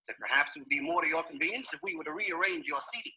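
A man's voice: on the high side, racing, pushed and bright, breathy edge, lo-fi sound, heavily acted. A man doing a stiff, polite train conductor. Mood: smoothing over. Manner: polite, formal. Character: formal, soothing male train conductor.

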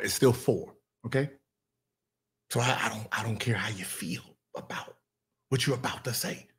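A man raised in California, hosting his show and reacting to a clip in casual chat, profane, boastful and quick to laugh. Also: on the low side, a bit bright, slightly rough.

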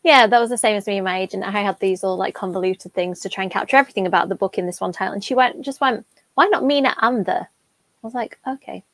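A woman's voice: mid-range voice, racing, no room sound. A woman interviewing an author, enthusiastic and giggly. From England. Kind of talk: casual interview chat.

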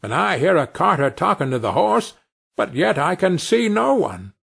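A man voicing a sly, greedy stranger in a read-aloud fairy tale, speaking slowly and scheming. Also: fairly high pitch, very animated, gravelly, a bit bright, breathy edge, exaggerated voice.

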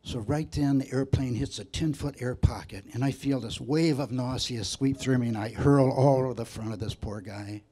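A man telling jokes on stage in a stand-up set, as a chatty storyteller who slips into quick voices for the people he quotes. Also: mid-range voice, warm tone. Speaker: stand-up comedian.

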